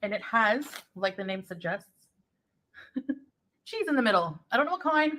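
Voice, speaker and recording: A woman's voice: on the high side, very animated, measured pace, bright, forceful tone, a little hiss or hum. A woman doing a mukbang food review, chatting casually about each snack as she eats it. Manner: chatty, describing food while eating. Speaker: food vlogger.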